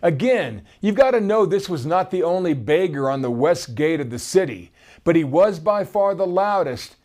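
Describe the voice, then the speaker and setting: A man's voice: a little high, animated, normal speed, a little mellow. A man giving conversational, storytelling Bible teaching and reading scripture aloud.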